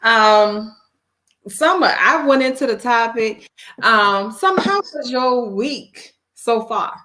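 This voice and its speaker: A woman from New Orleans co-hosting a casual call-in talk show, lively and playful, stretching her words. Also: on the high side, takes it slowly. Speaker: co-host.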